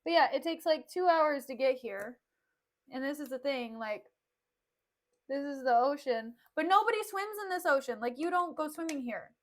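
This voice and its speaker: Chatty high-voiced woman streamer. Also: animated, moderate pace. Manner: chatty, lots of fillers, laughs often. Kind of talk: casual livestream chat and play recap. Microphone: desk mic.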